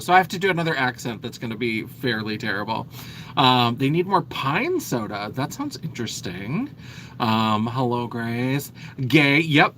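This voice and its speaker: A chatty man hosting a casual livestream, rambling along and poking fun at himself. His voice is bright at a middling pitch. A faint low rumble runs underneath. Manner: chatty, rambling, self-deprecating. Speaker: livestream host.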